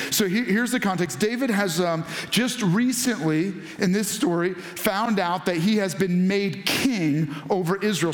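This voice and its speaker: A man's voice: high voice, echoey room. A man preaching a sermon, telling a scripture story in a conversational way and acting out the people in it. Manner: conversational storytelling with voiced asides. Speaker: pastor.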